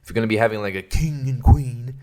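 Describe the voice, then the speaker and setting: A man's voice: medium pitch, fast talker, a little mellow. A man hosting a solo podcast, ranting in a profane, irreverent way and laughing mid-sentence. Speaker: podcast host. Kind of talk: casual solo podcast rant.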